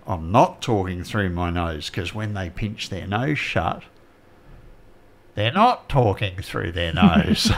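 A man's voice: fairly low pitch, a bit bright. A man with a blocked, nasal voice, co-hosting a casual radio chat in a rambling way, with lots of fillers. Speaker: radio co-host.

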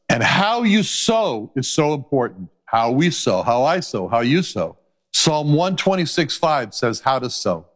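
Impassioned man preaching a sermon. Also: a bit bright. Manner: emphatic, rising to high passionate pleas and repeating scripture references; quotes old-style scripture wording aloud.

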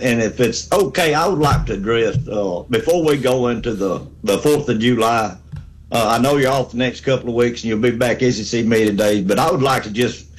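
A man's voice: mid-range voice, low-quality recording. A man, calling in to a sports talk show with a fervent, rambling pep talk. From Alabama. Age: 60s. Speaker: caller.

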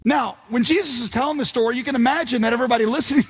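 A man's voice: very high voice, very fast, a bit bright, husky. A man preaching a sermon, telling a story and acting out its characters' lines. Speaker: pastor. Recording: long hall reverb.

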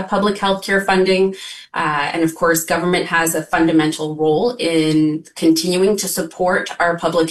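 A woman who runs a hospital foundation, answering interview questions in polished, measured phrases. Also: on the low side, distant mic, low-quality recording. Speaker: foundation chief executive. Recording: voice a little off-mic.

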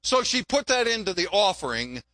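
Older preacher, high bright voice, folksy jokes, keeps repeating himself. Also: male voice, sing-song, brisk, dry recording. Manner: folksy joke-telling preacher, repeats words. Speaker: pastor. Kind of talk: sermon. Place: church.

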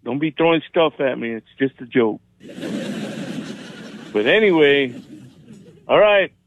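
A man's voice: on the high side, animated, unhurried, a little hiss or hum. A man calling in to a radio show and telling a joke in a chatty way. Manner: chatty, storytelling. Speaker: caller. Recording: dry tinny phone line.

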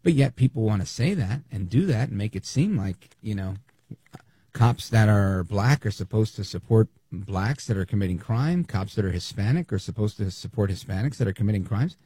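A talk radio host, male, with a gravelly, husky voice that swings widely in pitch as he riffs sarcastically. His tone is dark, and the sound is dry, close and studio-like. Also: no room sound. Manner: animated, sarcastic, mimics others in quotes. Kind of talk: opinionated talk radio monologue.

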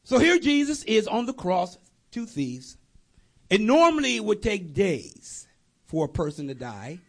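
Male preacher, husky and raspy, high voice; lively storytelling sermon. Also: unhurried. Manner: animated storytelling with voiced characters and chuckles. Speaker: pastor.

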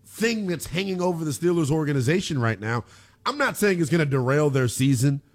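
Animated man doing a sports talk show. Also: on the high side. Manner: animated, conversational, lots of "right?". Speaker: sports commentator. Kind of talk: casual sports talk monologue. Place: home studio.

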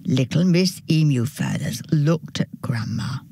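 A woman reading a children's story aloud in an animated storybook style. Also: low-pitched, creaky, slightly rough, no room sound. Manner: slow, animated storybook narration.

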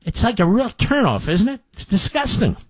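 A man's voice: high voice, big pitch swings, normal speed, husky, no echo. A man hosting a political talk show, delivering an opinionated monologue with indignant, emphatic repetition. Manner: indignant, emphatic, repeats phrases for effect.

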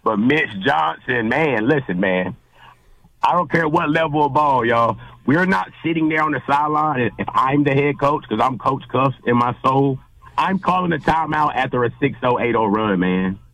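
A man co-hosting a sports talk show, emphatic and theatrical, swinging from low grumbles to high exclamations. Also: lively intonation, moderate pace, a bit bright, dry recording, rough recording. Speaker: podcast co-host.

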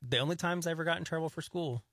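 Bright-voiced man telling rambling stories. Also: a little high, racing, dry recording, studio quality. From grew up in the countryside. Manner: animated, rambling storyteller. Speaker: radio show co-host. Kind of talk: casual radio chat.

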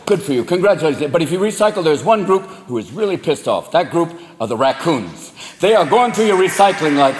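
A man doing a profane stand-up routine, switching rapidly between voices. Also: a little high, very animated, noisy background. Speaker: stand-up comedian. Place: live comedy venue. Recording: echoey live venue, loud crowd.

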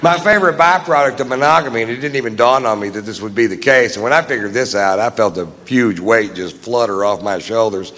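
A middle-aged man doing a stand-up routine, drawing out dry punchlines and acting out shouted quotes. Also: medium pitch, brisk, hardly any pauses. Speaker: stand-up comedian. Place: large theater stage. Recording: live hall recording with crowd noise. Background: audience laughter.

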